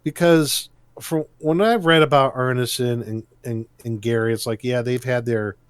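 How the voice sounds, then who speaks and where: A man's voice: medium pitch, moderate pace, smooth, no echo. A man co-hosting a podcast, chatting casually about a tabletop game setting, rambling with frequent restarts and easy laughs. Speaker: podcast co-host.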